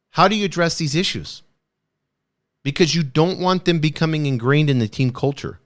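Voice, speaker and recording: A man hosting a podcast, talking casually about coaching at work in a loose, conversational way, often hedging with "kind of" and restarting his sentences. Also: mid-range voice. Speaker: podcast host on leadership. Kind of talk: casual solo podcast talk.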